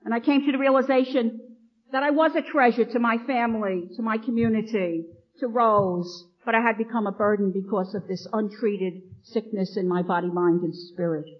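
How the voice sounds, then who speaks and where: A fairly high-voiced woman, a nun, speaks to a meeting hall in a lively storytelling way and acts out the people she quotes. The old tape is dull and muffled. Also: normal speed. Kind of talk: personal recovery talk to an audience. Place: meeting hall, addressing an audience. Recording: dull lo-fi archival recording.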